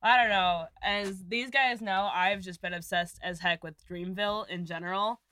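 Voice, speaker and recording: A woman's voice: mid-range voice, fairly even intonation, normal speed, sharp tone. A woman guesting on a podcast in casual chat, hesitant with many fillers.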